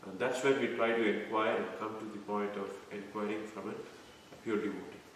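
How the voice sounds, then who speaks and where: Male scripture teacher, measured explaining style, echoey room with faint background noise. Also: on the low side, fairly even intonation. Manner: explains terms slowly, quizzes listeners. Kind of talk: devotional scripture lecture. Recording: echoey room, mic far off.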